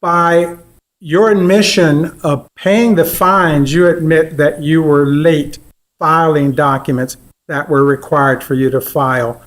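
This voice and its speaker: A man on a city appeals board, questioning an appellant in a measured, formal way. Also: a little high, steady tone. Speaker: board member. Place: city council chamber.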